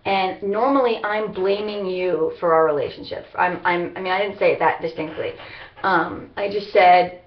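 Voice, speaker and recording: A woman talking to camera in a rambling personal vlog, halting and restarting often. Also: medium pitch, lively intonation. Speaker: vlogger. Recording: roomy, dull lo-fi webcam sound.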